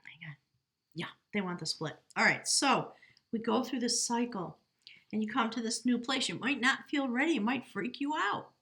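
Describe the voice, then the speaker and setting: A woman's voice: on the high side, animated, moderate pace, fairly bright tone. A woman giving a casual tarot reading to camera, chatty and heartfelt, talking straight to the viewer. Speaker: tarot reader.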